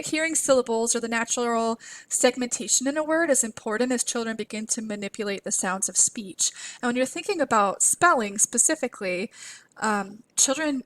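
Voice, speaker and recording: A woman instructor giving a recorded lecture over slides, a clear and encouraging teacher who models letter sounds aloud. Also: a little high, a bit bright. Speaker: literacy instructor.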